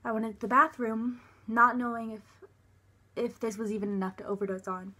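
A young woman telling a personal story to camera in a halting way. She restarts often, uses many filler words and sometimes drops to a near whisper. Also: fairly high pitch, level tone, bright, forceful tone. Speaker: vlogger.

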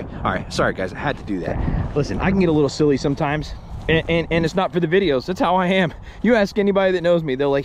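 Thirties man exploring woods on a handheld camera, high and lively, jokey and excitable. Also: fast talker, noisy background. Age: 30s. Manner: excitable, rambling, swearing, jokey. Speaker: paranormal explorer vlogger. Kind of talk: casual outdoor vlog. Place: woods outdoors.

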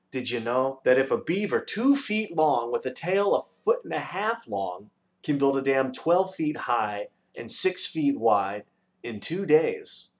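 A man voicing a pedantic, number-obsessed male dodecahedron in a storybook reading, lecturing precisely and bursting into shouts. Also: mid-range voice, lightly acted.

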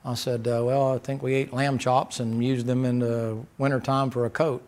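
A man's voice: mid-range voice, flat delivery, normal speed, darkish tone. A man preaching a sermon as pastor, folksy and emphatic, firing rhetorical questions at the congregation.

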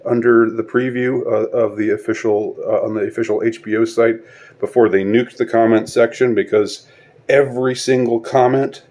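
A man delivering a spoken video monologue, halting and searching for words, with sarcastic rhetorical questions. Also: on the low side, warm tone. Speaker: online commentator.

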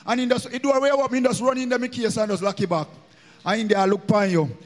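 A man's voice: very high-pitched, steady tone, fast, long reverb tail. A man with a Jamaican accent preaching a sermon in a church, slipping into patois and chanting his lines in a sung cadence. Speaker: minister.

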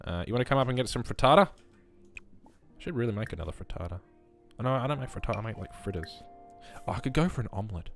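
A man's voice: mid-range voice, animated, quick pace, pauses often, soft background music. A young man giving chatty gameplay commentary as a let's play host, muttering reactions as he goes.

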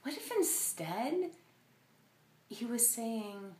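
A woman with a lowish voice talks slowly through her thoughts in a casual, reflective monologue. She hesitates often, circling back with fillers and restarts. Her voice rings in a roomy echo. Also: animated, slight background noise. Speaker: podcast host.

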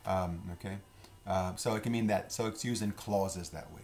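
This is a middle-aged man teaching in a relaxed, casual way. His voice sits a little low. He says each example phrase slowly and twice, then explains it. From Louisiana. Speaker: language teacher. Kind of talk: casual spoken lesson.

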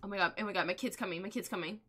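A young woman host chatting excitedly over her gameplay, with many gasps, laughs and quick exclamations. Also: mid-range voice, slightly rough. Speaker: gaming channel host. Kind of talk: casual gameplay commentary.

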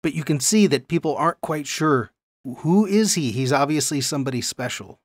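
A man's voice: on the high side, animated, moderate pace, dry recording, clean studio sound. A man teaching a Bible lesson, explaining verses step by step and reading scripture aloud with emphasis. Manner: explanatory, stresses key words, reads verses aloud.

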